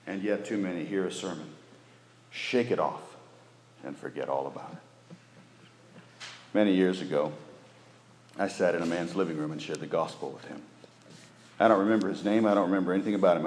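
Male preacher, lowish voice, sermon, loud pleading to hushed tones, reverberant church hall. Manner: swings from loud urging to hushed near-whispers. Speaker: pastor. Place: church sanctuary.

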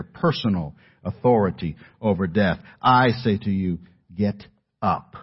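A middle-aged man preaching a sermon in an earnest, emphatic way, dropping his voice low at key words. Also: husky. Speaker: pastor. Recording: dull lo-fi audio.

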